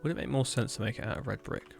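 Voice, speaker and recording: Gravelly man chatting on a stream. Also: mid-range voice, very fast, faint music behind. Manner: rambling, joking, darkly humorous. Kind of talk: casual chat while gaming.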